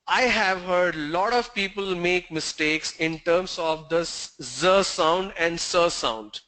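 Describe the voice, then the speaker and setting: Male pronunciation trainer, high and bright, unhurried, drills words one by one on a video call. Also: poor audio. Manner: drills word lists slowly, stressing each sound; tells stories to the class. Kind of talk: online pronunciation lesson.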